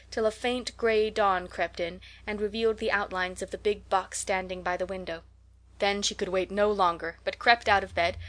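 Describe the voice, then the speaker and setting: A woman reading a classic children's novel aloud in a steady, gentle storytelling manner. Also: mid-range voice. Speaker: audiobook reader. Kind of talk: scripted narration.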